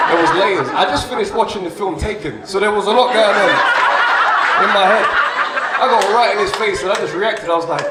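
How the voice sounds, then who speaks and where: A young man doing a stand-up comedy set, chatty and animated, often asking "you know what I mean?". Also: high-pitched, a little fast. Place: comedy club stage. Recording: echoey club, far from the mic, loud noise and crowd.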